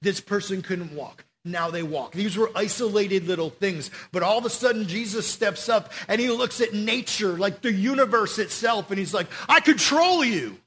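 A man preaching a casual sermon to young people, slangy and animated as he tells the story. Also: high-pitched, normal speed, few pauses.

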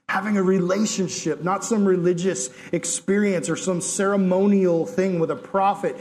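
High-voiced man preaching conversationally. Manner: earnest, conversational, talks straight to listeners; acts out God's and Elijah's words in lively asides. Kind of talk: sermon.

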